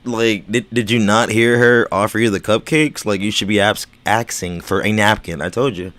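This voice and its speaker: Low-ish voiced guy slurring a bit, stammers and repeats himself, just rambling on stream. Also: normal speed, a bit bright. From United States. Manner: stammering, repeats words, swears casually. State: slurring speech. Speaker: livestream host. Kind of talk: rambling casual chat.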